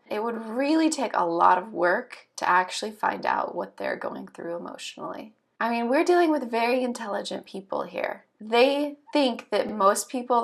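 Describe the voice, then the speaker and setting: A woman's voice: fairly high pitch, creaky. A woman hosting an astrology channel, explaining in a chatty, conversational way with frequent fillers. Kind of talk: casual explanatory monologue.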